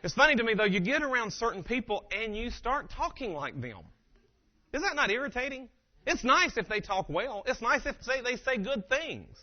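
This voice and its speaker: A man giving a humorous motivational keynote, telling stories with animated delivery and acting out quotes, on a dull lo-fi recording. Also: very high voice, normal speed. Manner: animated, acts out quotes and impressions.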